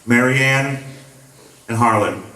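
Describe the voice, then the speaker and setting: A middle-aged man with an Upper Midwest American accent, speaking slowly and solemnly as a father at his son's memorial. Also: medium pitch, bright, forceful tone. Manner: slow, solemn. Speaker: father giving a tribute. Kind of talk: memorial tribute. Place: large hall at a memorial. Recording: echoey hall, distant mic.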